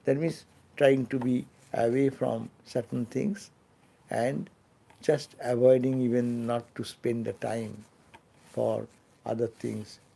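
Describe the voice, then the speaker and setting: In a temple lecture hall, a male swami teaches scripture off the cuff, his mid-range voice gravelly, mellow and steady. His delivery is slow and broken up by restarts and fillers, with phrase endings trailing away quietly.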